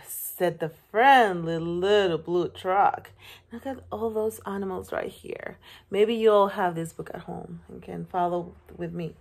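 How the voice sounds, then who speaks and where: A woman teacher reads a children's picture book aloud from home. She takes it slowly and expressively, with playful animal and truck sounds. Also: on the low side. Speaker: preschool teacher.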